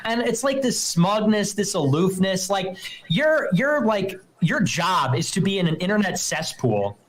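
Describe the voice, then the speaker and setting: A man's voice: sits high, very animated, a little slow, rough recording. A man hosting a livestream, ranting casually and emphatically, mocking others in put-on voices. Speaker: livestream host.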